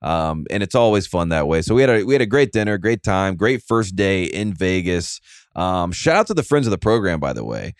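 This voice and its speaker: Deep-voiced man hosting a podcast. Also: very animated, brisk, no room sound, studio quality. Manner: rambling, self-mocking, many fillers and restarts. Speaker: podcast host. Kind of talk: casual podcast chat.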